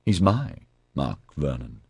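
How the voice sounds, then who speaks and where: A man's voice: very deep voice, big pitch swings, slow pace, vocal fry, darkish tone, breathy edge, no room sound, voice pushed down, heavily acted. A man doing a wry, drawling woman. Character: wry, affectionate young woman, partner.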